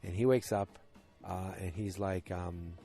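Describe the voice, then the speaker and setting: Rambling low-voiced man recapping. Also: steady tone, unhurried, mellow, soft background music. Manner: rambling, self-correcting, many fillers. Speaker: podcast host. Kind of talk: casual solo episode recap.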